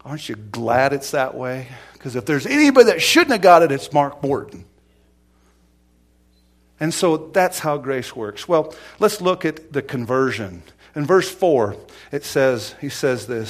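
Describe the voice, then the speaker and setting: A man preaching a sermon, emphatic, swinging from quiet asides to loud stresses and repeating words for emphasis. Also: medium pitch, animated, measured pace. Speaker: pastor.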